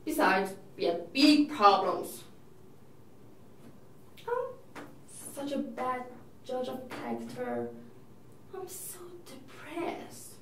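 A woman's voice: on the high side, lively intonation, takes it slowly, pauses often, noisy background. A woman playing a chatty, neurotic divorced older sister who rambles and frets in an audition monologue. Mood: fretful. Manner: rambling, self-absorbed and fretful. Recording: echoey room, mic from a distance.

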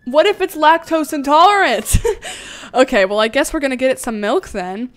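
A woman's voice: high voice, expressive. Giggly, bubbly young woman streamer. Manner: giggly, bubbly, chatty, reads chat aloud; usually talks fast. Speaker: game livestreamer. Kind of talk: casual livestream chat while gaming.

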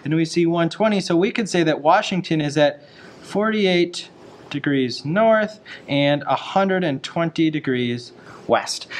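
A man teaching a map skills lesson in a chatty, folksy way, full of asides. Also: on the high side.

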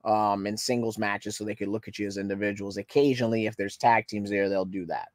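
A man's voice: fairly low pitch, flat delivery, a little fast, no room sound, studio quality. A man hosting a podcast, prompting his guest and chiming in to explain details in casual chat. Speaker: podcast host.

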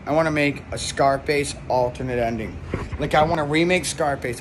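A man's voice: medium pitch, moderate pace, slight background noise. A young man telling a rambling comedy bit in casual talk, full of swearing and "like.". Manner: rambling, heavy swearing, lots of "like". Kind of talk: casual comic storytelling.

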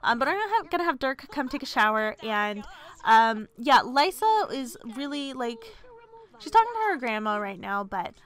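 Woman narrator for a casual let's play; chatty and gossipy, rambles with fillers, voice on the high side. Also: very animated, moderate pace, fairly bright tone. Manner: rambling, many fillers and restarts. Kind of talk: casual game commentary.

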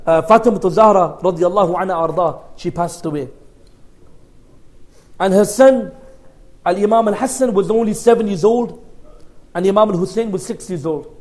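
High-voiced man telling a sermon story. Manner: storytelling with varying loudness, softening in tender moments; mixes Arabic honorifics into English. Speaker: preacher.

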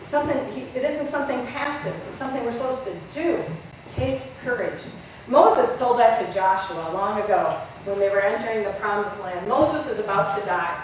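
A woman pastor delivering a sermon, retelling a story with lively questions to her listeners. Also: medium pitch, moderate pace, a little hiss or hum. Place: large church sanctuary. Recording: roomy echo, voice from far off.

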